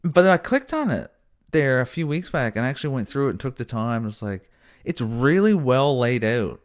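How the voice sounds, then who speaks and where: A man's voice: medium pitch, big pitch swings, moderate pace. A man rambling casually about a video game, swearing freely and breaking off to scold his cats. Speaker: gaming vlogger. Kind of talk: casual rambling chat to camera.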